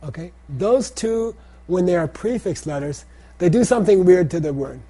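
Middle-aged male teacher, slightly raised husky voice, casual classroom lecture, keeps asking "okay?". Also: high-pitched, animated, normal speed, warm tone. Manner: repeats phrases and checks in with "okay?". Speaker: teacher of Tibetan language and Buddhist texts.

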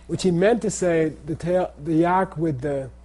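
Guy running a classroom pronunciation drill, bit high voice, warm and mellow, patient, says it again and again. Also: measured pace. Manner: patient, repeats words for students to echo. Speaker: language teacher.

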